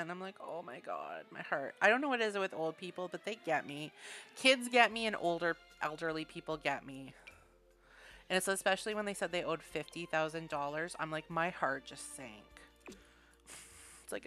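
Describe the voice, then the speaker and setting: Rambling, chatty woman streamer, low-ish bright voice, faint music behind. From Canada. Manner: rambling, chatty, laughs often. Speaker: gaming streamer. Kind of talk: casual chat while building in a video game.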